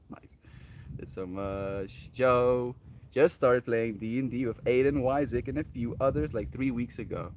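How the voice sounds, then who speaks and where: A man's voice: on the low side, darkish tone, highs cut off, slight background noise. A South African man streaming live, telling a heartfelt personal story and chatting earnestly with viewers as he reads their comments. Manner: earnest, heartfelt, often asks "right?". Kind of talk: casual livestream chat reading viewer comments.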